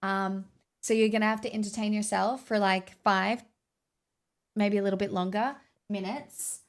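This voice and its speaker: A woman's voice: mid-range voice, fairly even intonation, moderate pace. A woman with a slightly Americanised Australian accent chatting casually on a livestream, rambling and swearing freely. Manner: rambling, swears, filler-heavy.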